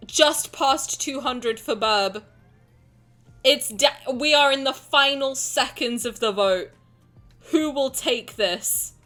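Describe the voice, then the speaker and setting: Bubbly, lively-voiced woman streamer. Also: high-pitched. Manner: excitable, gushing, swears casually. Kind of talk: casual livestream chat.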